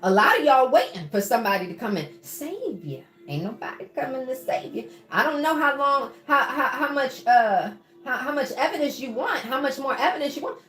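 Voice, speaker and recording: A woman preaches encouragement on a livestream, her high voice leaping up and down as she coaxes viewers and calls them baby. She sounds roomy and echoing, with faint music running behind her. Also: expressive, a little fast, few pauses, a bit bright. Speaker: motivational coach on a livestream. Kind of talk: live-streamed motivational talk.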